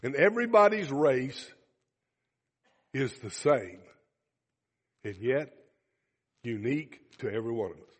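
Speaking at a measured pace with long pauses, a medium-pitched man gives a sermon with long hall reverb. He's animated, asking the congregation questions and acting out bits of dialogue.

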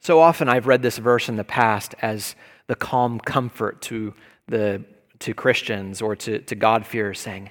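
A man, a pastor, giving an emphatic sermon that climbs to loud bursts. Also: fairly low pitch, fairly even intonation, unhurried. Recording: long reverb of a large hall.

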